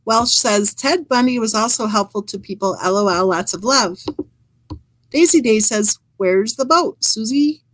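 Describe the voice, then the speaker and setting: A woman hosts a true crime channel, reading viewers' live chat comments aloud in a casual way. Her voice sits a bit high and sounds dry and close, with no room echo. She drops wry, chatty remarks between the comments. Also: a little slow.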